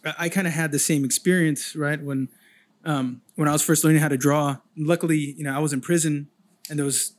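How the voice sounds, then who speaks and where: A man's voice: fairly high pitch, steady tone, fairly quick. A man chatting on a podcast as a guest artist, telling rambling, profane stories. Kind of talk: casual chat.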